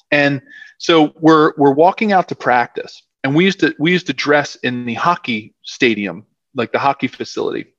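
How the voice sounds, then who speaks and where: A man's voice: mid-range voice, a bit bright, no echo. A man, a former football player telling long rambling stories in an interview, full of fillers. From South Philadelphia, USA. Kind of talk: casual storytelling interview. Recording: dull dry muffled audio.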